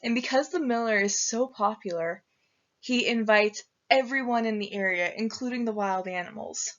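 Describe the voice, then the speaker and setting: A woman's voice: a little high, moderate pace. A young woman student giving a casual storytelling presentation, chatty and slangy in her retelling. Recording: dull lo-fi recording.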